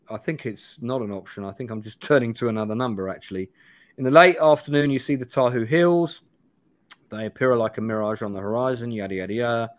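A man in his forties hosting a live play-through, reading a gamebook aloud with restarts and asides. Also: medium pitch. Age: 40s.

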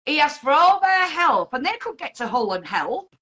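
High, sharp-voiced woman ranting. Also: very animated, moderate pace. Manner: confrontational, swearing, shouting insults. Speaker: livestream host. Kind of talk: heated live-stream argument.

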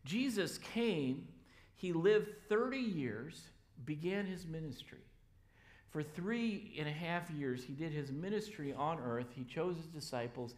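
A man preaching a sermon as pastor in a church, loud and energetic. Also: a little high, unhurried.

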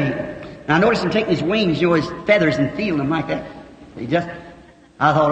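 A man in his fifties from the United States, preaching and telling a story in a folksy, emotional way that rises into high, excited outbursts. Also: normal speed. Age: 50s. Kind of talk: sermon, storytelling. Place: church or meeting hall. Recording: echoey hall recording with faint hiss.

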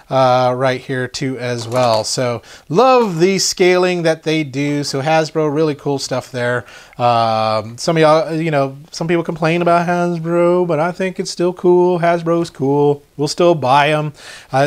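A man's voice: fairly high pitch, smooth. A man giving a casual toy unboxing review, chatty and rambling, easily sidetracked.

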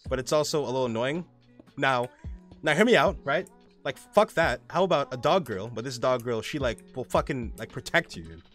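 Profane, excitable man ranting on stream. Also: medium pitch, a little fast, soft background music. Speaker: gaming streamer. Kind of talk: casual rant while playing a game.

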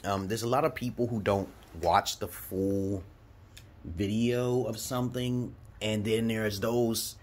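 A man's voice: on the low side, steady tone, slow pace, a little mellow. A man from Brooklyn talking to camera in a profane, rambling monologue. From Brooklyn, New York, USA. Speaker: vlogger.

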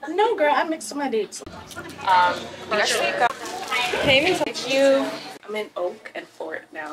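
A young woman vlogging casually, chatty and expressive with lots of slang. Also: sits high, unhurried, crowd noise, background noise. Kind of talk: casual vlog chat.

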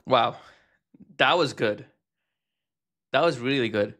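A man hosting a casual hands-on review, chatting and thinking aloud with fillers and quick asides. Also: mid-range voice, fairly bright tone. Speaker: host reviewing text-to-speech tools.

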